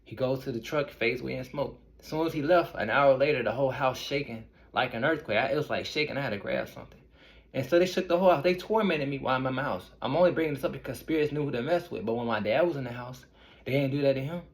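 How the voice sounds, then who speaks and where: A man's voice: mid-range voice, fast. A man in his thirties who works as a spiritual medium, talking casually to his viewers in a rambling way and often asking them questions. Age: 30s. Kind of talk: casual talk to camera.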